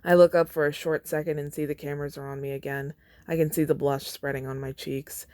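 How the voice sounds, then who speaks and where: A young woman with a notably low voice reads fan fiction aloud, dropping wry, casual asides between passages. The sound is dry and close, with no room echo. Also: little pitch movement, brisk, darkish tone. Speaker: podcast host.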